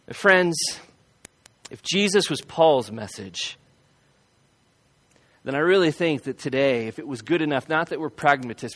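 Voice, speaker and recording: Earnest high-voiced male preacher. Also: lively intonation, a bit bright. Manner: earnest preaching with emphatic repetition and slowed key phrases. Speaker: pastor. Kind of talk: sermon.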